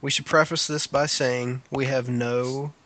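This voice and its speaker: A man's voice: medium pitch, steady tone, a little slow, fairly bright tone. A man co-hosting a podcast in casual chat, laughing often and reading listener responses aloud. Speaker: podcast co-host.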